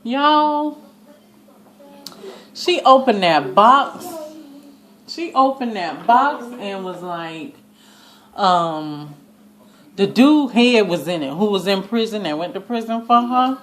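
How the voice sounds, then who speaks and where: A woman giving a casual, animated recap of a TV episode, acting out the lines as she goes and shrieking with laughter at the twists. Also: medium pitch, takes it slowly, long pauses. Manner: gives each line of dialogue in passing. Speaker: TV recap vlogger.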